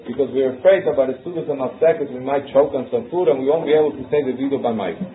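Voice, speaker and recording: A man's voice: mid-range voice, very fast. A man giving a religious law lesson in English, mixing in Hebrew and Yiddish terms and chanting the sources with an Ashkenazi Hebrew pronunciation. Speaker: Torah teacher. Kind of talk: halachic lesson. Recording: phone-line lesson recording with faint noise.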